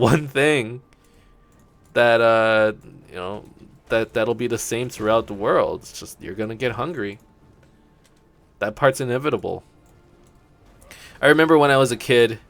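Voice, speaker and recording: A man's voice: lowish voice, moderate pace, pauses often, a bit bright, soft background music. A young man hosting a let's play, rambling through casual stories with frequent swearing. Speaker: gaming channel host.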